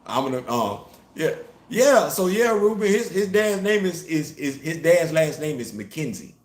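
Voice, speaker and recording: A man hosting a casual commentary show, talking in an animated, emphatic way with features. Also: fairly high pitch, a little slow. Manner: animated, emphatic, rising to loud peaks. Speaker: host. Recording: roomy echo.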